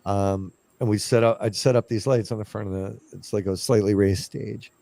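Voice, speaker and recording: A man's voice: fairly low pitch, normal speed, gravelly, no echo. A man casually telling a ghost story from his investigations, acting out what he and others said. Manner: animated, acts out his own past lines.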